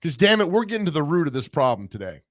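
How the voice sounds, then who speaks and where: Excitable male sports radio host. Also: a little high, no echo. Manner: excitable, quick questions, laughs loudly. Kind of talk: casual sports talk.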